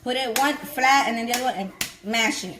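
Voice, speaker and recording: A woman with a slightly high voice walks viewers through a home recipe in loose, slangy, excitable talk. Her kitchen is noisy, with food frying and sizzling clearly behind her. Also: brisk. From Miami-Dade, Florida. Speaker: home cook vlogger. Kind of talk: casual cooking demo.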